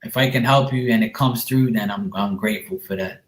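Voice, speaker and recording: A man's voice: on the low side, fairly quick. Casual man in an echoey room. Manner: casual, reassuring, calls listener sweetheart. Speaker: psychic medium. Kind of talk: live reading to a viewer.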